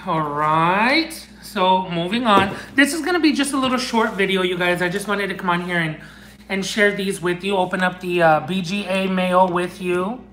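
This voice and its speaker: A man unboxing fan mail in a casual chat, gushing and excitable, bursting into squeals and dropping into Spanish phrases. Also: sits high, a little hiss or hum. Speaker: unboxing vlogger. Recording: echoey room.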